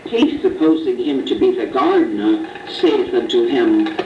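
A woman reading Bible verses in a measured way, announcing each verse number. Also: a bass voice, expressive, background noise. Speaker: scripture reader. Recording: distant, roomy, dull recording.

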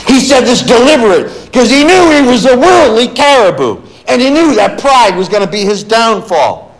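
A man's voice: very high voice, very animated, normal speed, low-quality recording. A middle-aged man preaching a sermon, reading scripture aloud and stressing it with emphasis. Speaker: pastor.

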